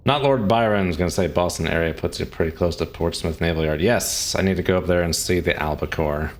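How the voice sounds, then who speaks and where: Very deep-voiced male streamer. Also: normal speed. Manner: chatty, reads and answers chat questions; relaxed, frequent chuckles. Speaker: game streamer. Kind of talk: casual live-stream commentary.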